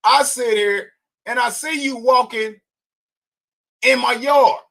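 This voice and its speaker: A man giving an angry, profane rant, often shouting and repeating himself. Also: very high-pitched, slow pace, vocal fry. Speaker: homeowner ranting on video.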